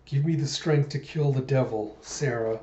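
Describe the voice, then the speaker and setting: Man playing a brooding vengeful cyborg, dark tone, echoey room. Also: medium pitch, normal speed, highs cut off, a little hiss or hum, close to an everyday voice.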